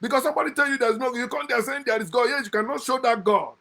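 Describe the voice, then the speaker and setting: A man giving a passionate, mocking monologue on scripture, swinging from loud outbursts to low muttered asides. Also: racing, creaky. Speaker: online speaker critiquing scripture.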